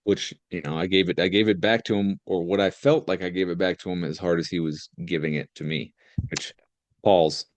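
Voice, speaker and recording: Young male podcast co-host, deep voice, dry close sound, loose jokey rambling. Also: fairly even intonation, fairly quick, dry recording. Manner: joking, rambling, laughs often. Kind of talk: casual chat.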